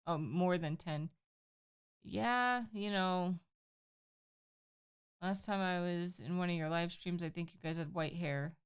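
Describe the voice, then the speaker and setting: A woman co-hosting a casual livestream, relaxed and teasing, reading chat aloud. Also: on the low side, slow pace, long pauses, clean tone. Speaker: livestream co-host.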